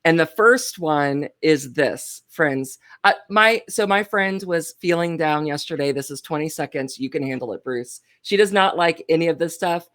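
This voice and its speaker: A woman's voice: sits low, normal speed, few pauses, a bit bright. A woman co-hosting a women's Bible study livestream, chatting casually and teasing her co-host in a playful, talkative way.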